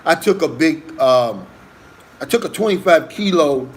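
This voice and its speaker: A man's voice: on the high side, unhurried. Easygoing man reading live chat. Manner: relaxed, says "man" a lot, many fillers. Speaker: livestream host.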